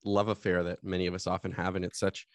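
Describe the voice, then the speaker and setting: A man's voice: sits low, little pitch movement, fast talker, dry recording. A man hosting a podcast, also a coach, talking with enthusiasm in long flowing thoughts. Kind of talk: casual interview chat.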